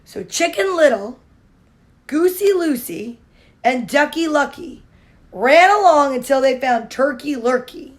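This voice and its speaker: A woman's voice: sits high, expressive, measured pace. A woman comedian reading a children's storybook aloud with gushing, playful asides.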